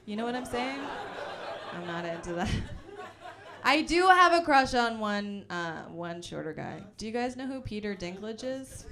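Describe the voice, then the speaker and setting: A young woman from Calgary, Canada, performs a rambling, self-deprecating stand-up set at a house party. Her medium-pitched voice is animated at a normal speed, full of fillers and giggles, with background noise around her.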